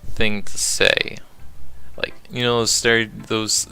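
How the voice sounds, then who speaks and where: A man's voice: on the low side, little pitch movement, slow, sharp tone, clear, resonant tone, faint music behind. A man playing through a game and commentating, jokey and rambling, arguing back at the characters. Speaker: gaming channel host. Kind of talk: let's play commentary.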